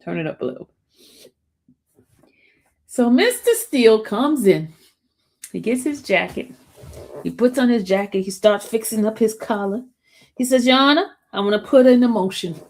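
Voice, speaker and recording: A woman hosts a casual live stream and talks straight to her viewers. She tells the story in a chatty, animated way and keeps calling them y'all. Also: on the high side. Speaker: show host recapping a trial.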